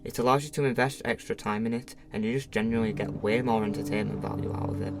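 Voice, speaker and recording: A man hosting a game review channel, reading a scripted review in a measured way with a slight lisp from a dental appliance. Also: on the low side, steady tone, a little hiss or hum. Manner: measured, read-from-script delivery.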